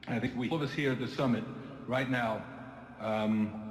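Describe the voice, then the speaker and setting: A man's voice: mid-range voice, steady tone, moderate pace, a little hiss or hum. Upbeat man in an echoey hall. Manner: upbeat, a bit flustered. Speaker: event co-host. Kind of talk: excited live event hosting. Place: virtual reality event. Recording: echoey virtual hall with long reverb.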